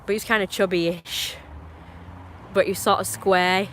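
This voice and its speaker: A live streamer from England, with an English accent, rambles through casual chat in a meandering, opinionated way, often restarting and adding asides. The voice is medium-pitched, fairly even in intonation, moderately paced and a bit bright, with a little hiss or hum.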